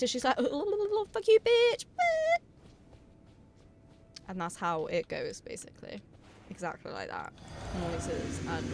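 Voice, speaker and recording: Woman streamer, live play commentary, foul-mouthed and venting, mid-pitched, noise in the background. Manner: swears and vents at the game.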